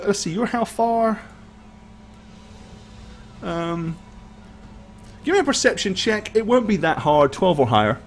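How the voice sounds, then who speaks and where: A man's voice: medium pitch, a little hiss or hum. A man narrating as game master of a tabletop game, with rambling, filler-heavy speech.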